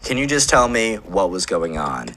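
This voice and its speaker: A man's voice: low-pitched, big pitch swings, normal speed, pushed and bright, a little hiss or hum, exaggerated voice. Man doing a weary, confused principal. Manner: hesitant, weary.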